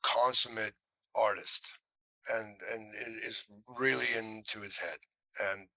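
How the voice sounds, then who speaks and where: A man's voice: lowish voice, takes it slowly, no room sound, rough recording. An older male actor as interview guest, telling anecdotes casually and acting out the lines of people in them. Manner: animated anecdote teller, acts out quoted lines.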